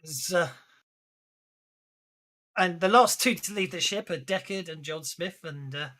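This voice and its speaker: A man's voice: on the high side, bright, forceful tone. A male game master narrates a tabletop session over an online call. He stops and starts, stumbles over his fillers and breaks into laughter often. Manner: halting, full of fillers and restarts, laughs often.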